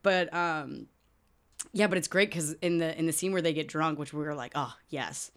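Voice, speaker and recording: A woman's voice: sits low, normal speed, smooth. A young woman co-hosting a casual movie podcast, chatty and swearing freely as she acts out lines. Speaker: podcast co-host. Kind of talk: casual movie recap chat.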